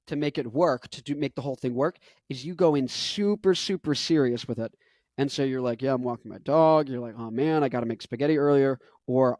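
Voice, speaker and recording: A man's voice: mid-range voice, darkish tone, no room sound. A man in his twenties chatting casually and at length, rambling with lots of fillers and self-corrections. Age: 20s. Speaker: musician and vlogger.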